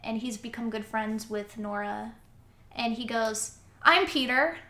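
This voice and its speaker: Animated young woman retelling a story. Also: on the high side, measured pace. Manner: animated storyteller who acts out quoted lines. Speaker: podcast co-host. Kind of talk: casual chat, retelling a story. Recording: echoey room, faint noise.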